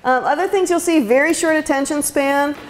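A woman's voice: high-pitched, fairly quick, slight background noise. A woman giving a conversational lecture as an autism educator, with frequent ums and restarts. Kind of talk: university lecture talk. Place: lecture room.

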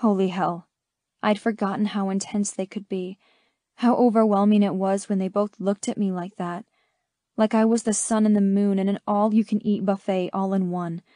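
A woman narrating a first-person romance audiobook in an intimate, measured reading. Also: mid-range voice, fairly even intonation, dark tone, no room sound, studio quality.

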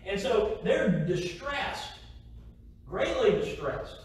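A middle-aged man preaching a sermon, emphatic, repeating key phrases and asking the congregation rhetorical questions. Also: high-pitched. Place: church sanctuary. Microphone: distant mic. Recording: very echoey hall from a distance, faint hiss.

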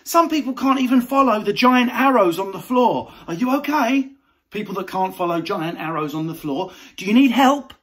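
A man's voice: very high-pitched, husky. A man, a comedian, delivering a brash, sweary, mocking comic rant.

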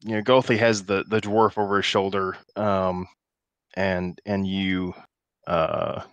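A man narrating as game master for a tabletop role-playing session, talking in halting bursts with many restarts. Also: low voice, little pitch movement, fairly bright tone, clear, resonant tone, no room sound. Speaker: dungeon master.

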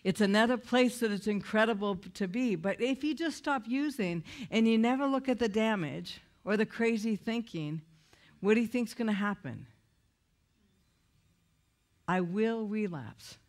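A woman's voice: mid-range voice, normal speed. A woman speaking about recovery in a plain conversational manner. She is earnest and candid, and often stops to restart her sentences. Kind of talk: conversational testimony talk.

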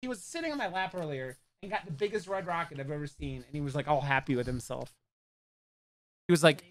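This man streams a horror game with a voice on the high side and a quick pace. As a let's play streamer he swears a lot, jokes crudely, and casually reads the in-game notes out loud.

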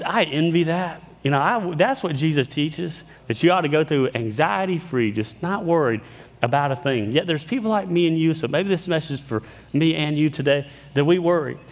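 This pastor's voice sits a little high and sounds expressive as he preaches at a moderate pace, weaving stories into his sermon. Conversational and self-deprecating, he restarts often, all under the long reverb of the sanctuary.

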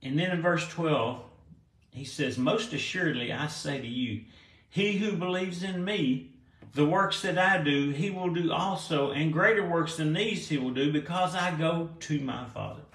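A male pastor giving a conversational sermon, reading scripture aloud and explaining it with restarts and soft chuckles. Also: a little high, measured pace. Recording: roomy echo.

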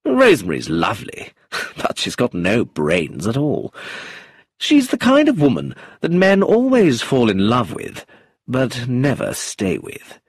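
A charming, amused rogue with a cold streak, drawling and chuckling, as a man reads him. The voice is low and husky, with pitch that swings wildly. The storybook reading is slow. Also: no echo, clean studio sound, full character voice.

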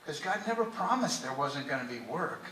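Impassioned preacher, bright voice, echoing church. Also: male voice, fairly high pitch, big pitch swings, fairly quick, distant mic, slight background noise. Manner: impassioned, heartfelt, often drops to a hushed earnest tone. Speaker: priest. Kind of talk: sermon. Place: church sanctuary. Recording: echoey church recorded from afar.

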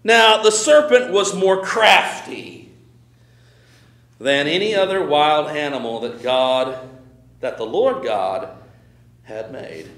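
A man preaching as a pastor, conversational and animated, swinging from loud emphasis to quiet asides. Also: on the high side, takes it slowly, pauses often, reverberant. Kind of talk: sermon.

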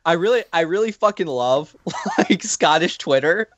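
A man's voice: on the high side, expressive, normal speed, dull audio, noisy background. A young man telling a story in a casual chat, giggling as he goes.

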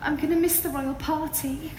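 A woman playing a sweet, meek young heroine in a live pantomime, gentle and innocent. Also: high-pitched, steady tone, moderate pace, noisy background, lightly acted. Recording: echoey hall from afar.

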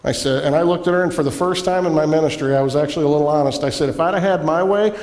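A man preaching as a guest in a church, telling a personal story with animated delivery and acted-out voices. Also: a little high, rapid-fire. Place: church sanctuary. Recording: echoey church hall.

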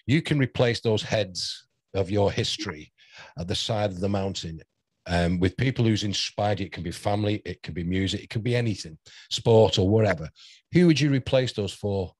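An older man with a low, deep voice, hosting a casual interview. He wanders from one anecdote to the next and often breaks into laughter. The recording is dry and close, with no room sound. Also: normal speed, darkish tone, slightly rough, no echo. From St Helens, near Liverpool, England. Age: around 60. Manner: rambling anecdotal storyteller who laughs often. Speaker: host.

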